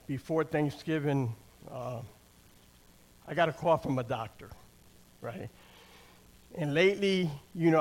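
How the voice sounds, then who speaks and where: An older man giving a conversational sermon and personal testimony, plain-spoken, often checking in with the congregation and restarting his phrases. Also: a little high. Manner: keeps asking the crowd "amen?" and "right?". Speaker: church speaker sharing testimony.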